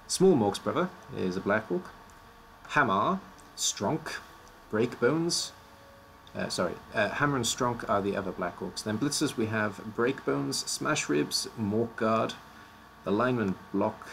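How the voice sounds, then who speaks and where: A man's voice: lowish voice, animated, moderate pace, creaky, fairly bright tone, a little hiss or hum. A man casually presenting teams on a live stream, his voice slightly worn out, joking and stumbling over odd names.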